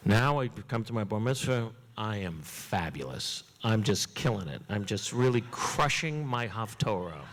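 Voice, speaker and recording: A man telling a comic story on stage in an animated way, jumping up in pitch for punchlines. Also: moderate pace, a little hiss or hum. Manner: animated, swoops high for punchlines. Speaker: comedian guest. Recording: long hall reverb.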